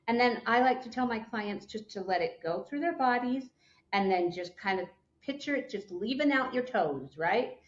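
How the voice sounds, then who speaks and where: A woman therapist talks in a calm, affirming way, gently guiding the conversation in a faith-based podcast. Her voice sits in a roomy, echoey space. The sound is dull and lo-fi. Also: a little high, moderate pace. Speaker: therapist and coach.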